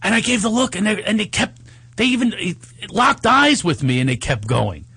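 A man co-hosting a casual chat show, telling stories in an animated, exasperated way and laughing often. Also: sits high, fairly quick, husky, no room sound. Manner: animated storytelling with frequent laughs; exasperated ranting. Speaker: podcast co-host.

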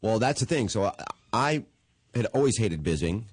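A man co-hosting a podcast, telling stories in a fast, profane, casual way with quoted asides. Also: lowish voice, expressive, breathy edge, dry recording, clean studio sound. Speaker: podcast co-host. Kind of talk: casual chat. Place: in Los Angeles.

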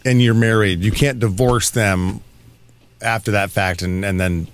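A man's voice: fairly low pitch, steady tone, a little slow. A man hosting a radio show, chatting casually and teasing his co-host with jokes. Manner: teasing, joking.

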